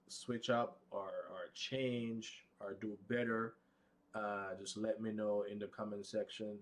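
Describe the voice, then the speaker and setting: A man talks to his viewers in a loose, unhurried vlog. His voice sits low and barely moves in pitch. He stutters and restarts often, with plenty of fillers along the way. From United States, Pacific time zone. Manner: unhurried, rambling, low-key. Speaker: vlog host. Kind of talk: casual live vlog talk.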